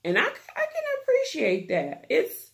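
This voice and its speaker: Slow, gravelly-voiced woman recapping reality TV. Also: fairly high pitch, wildly swooping pitch. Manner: chatty, gossipy, slangy storytelling. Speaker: YouTube TV recap host. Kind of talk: casual reality-TV recap chat.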